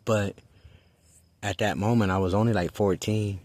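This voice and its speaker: A man with a very low, deep voice tells a personal story in a loose, casual way. He rambles, restarts his sentences and swears freely. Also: fairly even intonation, moderate pace, darkish tone.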